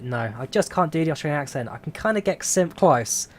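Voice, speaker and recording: Relaxed man chatting on a stream. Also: on the high side, brisk, hardly any pauses, a little hiss or hum. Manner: relaxed, rambling, answers viewer questions. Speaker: flight sim streamer. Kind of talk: casual live-stream chat.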